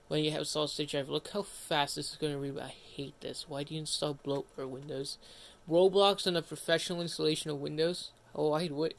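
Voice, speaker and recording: This fairly high-pitched male voice carries vocal fry and moves at a normal pace. He's streaming live, tossing out loose commentary as he works, drifting between thoughts, dropping sentences halfway and muttering complaints to himself.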